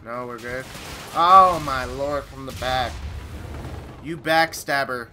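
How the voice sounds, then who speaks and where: A man giving live commentary while playing a shooter game, excitable and taunting the opponents as he plays. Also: medium pitch, slow, faint music behind. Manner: trash-talking, excitable, talks to opponents. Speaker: gamer. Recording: loud game gunfire behind voice. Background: game gunfire and effects.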